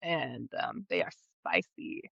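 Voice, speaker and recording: A woman co-hosting a book podcast in casual chat, giggling often and speeding up when excited. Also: on the low side, takes it slowly, vocal fry, breathy edge, no room sound. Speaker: podcast co-host. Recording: slightly dull lo-fi audio.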